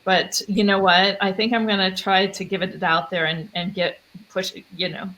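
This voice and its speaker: A woman's voice: medium pitch, flat delivery, a bit bright. A woman calling in to a talk show as a mother seeking advice, hesitant and trailing off. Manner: hesitant, trails off, quick to laugh. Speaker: caller, mother asking for advice. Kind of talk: casual chat.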